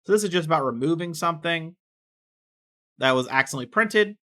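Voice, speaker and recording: Fast-talking bright-voiced man reading records. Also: on the high side, lively intonation. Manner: quick, offhand reading that slips into personal asides. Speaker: online commentator reading court records. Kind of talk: reading documents aloud with casual commentary.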